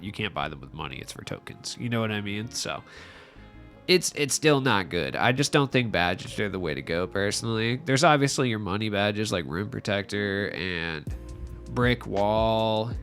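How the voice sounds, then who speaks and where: A man's voice: fairly low pitch, fairly bright tone. A young man talking through a gaming video with a nasal, allergy-stuffed voice, rambling and poking fun at himself. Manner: rambling and self-mocking, with frequent likes. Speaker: gaming YouTuber. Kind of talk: casual gaming commentary. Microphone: voice-over without face cam.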